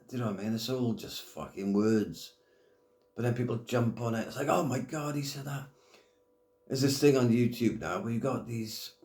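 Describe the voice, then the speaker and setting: A man's voice: lowish voice, darkish tone, roomy sound. A middle-aged man ranting casually to camera, blunt and full of swearing and slang. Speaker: YouTube commentator.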